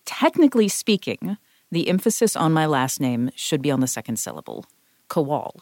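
A woman's voice: sits low, sing-song, a little fast, darkish tone, dry recording, clean studio sound. A woman co-hosting a podcast discussion, a voice actor who explains her points thoughtfully with worked examples.

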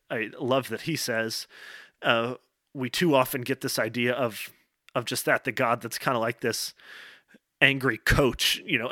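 A man giving an informal devotional talk to college men, earnest and direct, often checking in with "okay" and pausing on "um". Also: medium pitch, pushed and bright, dry recording, studio quality. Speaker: speaker addressing college men.

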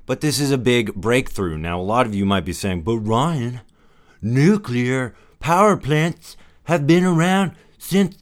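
Deep-voiced man hosting a podcast. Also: fairly bright tone. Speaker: podcast host. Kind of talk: casual solo podcast talk.

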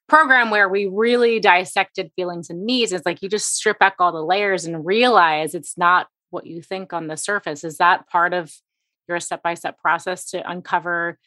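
A woman's voice: on the low side, pushed and bright, no echo. A woman podcast host asking thoughtful, probing questions in a casual chat.

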